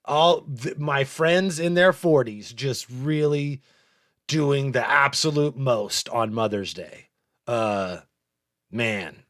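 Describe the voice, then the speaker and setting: A man's voice: medium pitch, slow, a bit bright, no echo, studio quality. A man hosting a live podcast, chatting casually, laughing often and swearing a lot. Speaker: podcast host.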